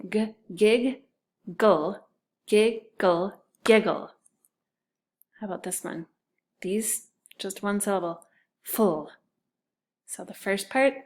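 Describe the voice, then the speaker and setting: A woman teaching children phonics at a slow, patient pace. She sounds out syllables and spells each word letter by letter. Her voice sits at an ordinary middle pitch. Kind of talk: recorded phonics lesson for children.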